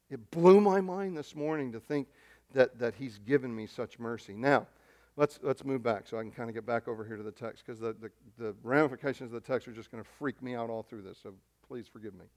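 A man preaching a sermon, excitable and emphatic, often repeating words and swinging between loud stresses and quiet asides. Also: medium pitch, normal speed. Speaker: pastor.

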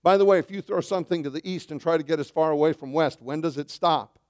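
A man preaching a sermon as pastor, animated, swinging between loud bursts and hushed asides, calling his listeners saints. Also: on the high side, fast. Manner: addresses listeners as saints, asks questions.

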